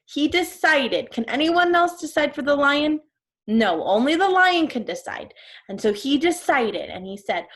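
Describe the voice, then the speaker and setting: A woman's voice: sits high, sing-song, a little slow, a bit bright. A woman teacher reading a storybook to her class, stopping to explain words and ask questions.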